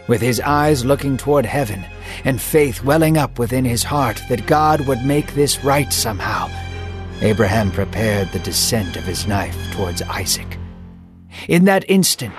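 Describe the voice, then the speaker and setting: Guy narrating bible story, measured and emotive, middle pitch, soft music under.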